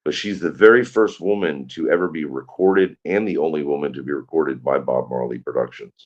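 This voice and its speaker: A man in casual conversation, telling a relaxed story with easy enthusiasm. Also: extremely low pitch, brisk, lo-fi sound. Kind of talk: casual chat.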